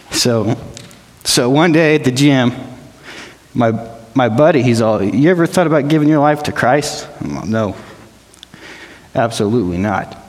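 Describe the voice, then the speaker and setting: A man's voice: medium pitch, animated. Guy sharing his testimony at church, gets choked up, lots of echo in the hall. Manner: emotional, halting, plain-spoken. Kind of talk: personal testimony. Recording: long hall reverb.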